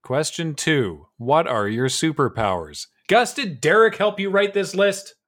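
A man playing a deadpan radio host in a comedy radio show, with a dry delivery. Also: a little high, a little slow, dry recording.

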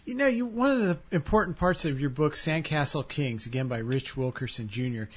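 A man's voice: on the high side, animated, brisk. A male radio host who asks questions and steers the interview. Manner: steers the talk with questions to the guest.

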